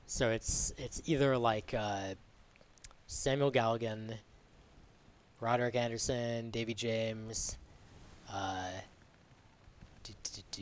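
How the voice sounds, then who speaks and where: A man streaming a game live, musing aloud in a relaxed, unhurried way as he works things out. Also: medium pitch, slight background noise.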